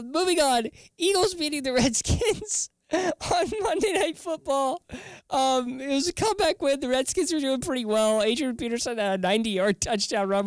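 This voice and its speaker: A man hosting a casual sports talk show, rambling and animated, often chuckling as he talks. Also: fairly high pitch, smooth, no echo.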